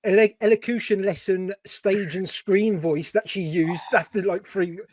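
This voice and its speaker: A man's voice: sits high, steady tone, unhurried, darkish tone. A man co-hosting a podcast, making dry, sardonic remarks. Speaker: podcast co-host. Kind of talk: casual chat.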